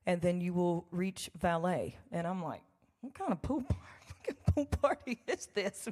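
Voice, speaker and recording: A woman's voice: lowish voice, a little mellow. A woman telling a joking, chatty story to a live audience between songs. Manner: chatty, folksy and joking, with laughs and asides to the crowd. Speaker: songwriter performing live. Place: large church hall with a live audience. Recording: long reverb of a large hall.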